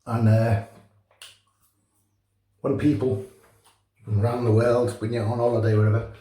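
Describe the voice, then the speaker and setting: A man's voice: medium pitch, level tone, unhurried, mellow. Chatty Liverpool man in an echoey room. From North West England. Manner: chatty, jokey storytelling with chuckles. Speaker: shaving channel host. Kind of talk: casual chat while shaving.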